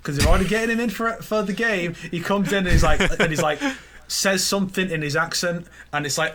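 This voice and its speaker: A man's voice: on the high side, a little fast, a bit bright. A man co-hosting a casual gaming podcast, rambling through silly movie scenarios and acting out the characters in goofy voices. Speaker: podcast co-host.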